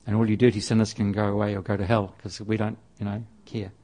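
A man's voice: fairly low pitch, flat delivery, fast talker, mellow. A man preaching a sermon in a conversational way, often restarting and repeating phrases as he reads and explains scripture. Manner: conversational, with frequent restarts and repetition.

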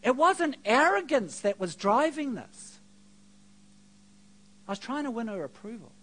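A middle-aged man preaching a sermon, telling a personal story with self-mocking asides and swings between quiet and loud. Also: very high-pitched, very animated, unhurried.

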